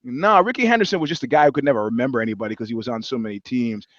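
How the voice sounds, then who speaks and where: A man's voice: mid-range voice, racing, fairly bright tone, muffled recording. A man co-hosting a podcast, chatting casually and jokingly and going off on mock-scolding rants. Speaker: podcast co-host. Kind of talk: casual comedic chat.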